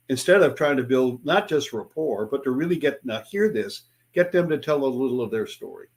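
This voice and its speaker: An older man, a sales speaker and author, tells stories as an interview guest, animatedly acting out sales dialogues in changing voices. He speaks at medium pitch, a little fast.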